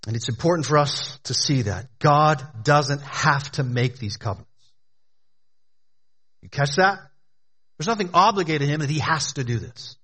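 A man's voice: fairly high pitch, expressive, moderate pace, long pauses, bright, forceful tone, breathy edge. A man preaching a sermon as pastor, with emphatic, repetitive phrasing, sometimes speaking directly to the children in the congregation.

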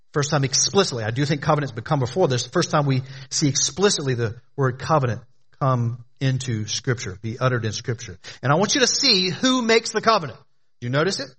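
A man's voice: fairly high pitch, fairly bright tone, breathy edge. A man preaching a sermon as pastor, with emphatic, repetitive phrasing, sometimes speaking directly to the children in the congregation.

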